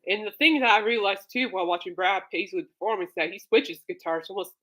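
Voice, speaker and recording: A woman's voice: medium pitch, quick pace, fairly bright tone, a little hiss or hum. A woman hosting a casual solo podcast, gushing and rambling with many fillers, breaking into coughing fits. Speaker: podcast host.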